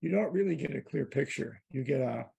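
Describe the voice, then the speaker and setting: A man's voice: mid-range voice, animated, a little fast, gravelly, mellow, breathy edge, dull audio. A man joining a group discussion, polite and hesitant, restarting his sentences before making his point. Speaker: session participant. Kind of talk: discussion contribution.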